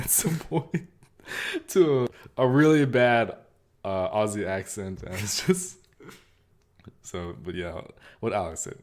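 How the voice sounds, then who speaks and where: Deep-voiced young man chatting casually. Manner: rambling, laughs at himself, drifts softer at times. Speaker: podcast co-host. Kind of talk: casual chat.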